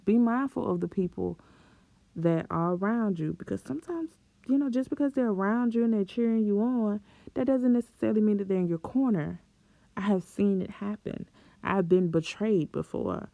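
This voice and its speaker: This vlogger, a young woman, chats to camera about self-esteem in an upbeat, encouraging way, laughing often and dropping playful exclamations. Her mid-range voice is creaky and moderately paced. The recording has no echo but its highs are cut off.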